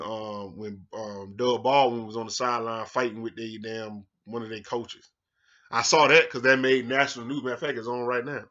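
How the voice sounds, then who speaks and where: A man hosting a sports show in a casual rant, heated and profane, swinging from low mutters to loud outbursts. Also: dull audio.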